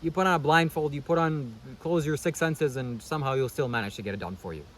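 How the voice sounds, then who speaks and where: A man's voice: a little high, quick pace, slight background noise, rough recording. Sarcastic preachy man ranting to camera. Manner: sarcastic, preachy, keeps saying "buddy" and "okay?". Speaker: vlogger. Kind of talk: casual commentary monologue.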